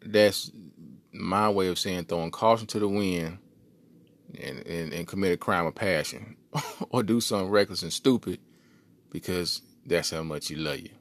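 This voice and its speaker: A man's voice: normal speed, dry recording. A man in his forties, a podcast co-host, telling a story in a laid-back, slangy way. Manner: laid-back, slangy, puts on high voices for quoted people. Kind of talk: casual storytelling.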